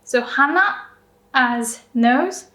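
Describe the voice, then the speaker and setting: A woman teaching pronunciation in a friendly lesson, drilling words with exaggerated rising and falling pitch and laughing often. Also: expressive, very slow, a bit bright. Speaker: Japanese language teacher. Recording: roomy echo.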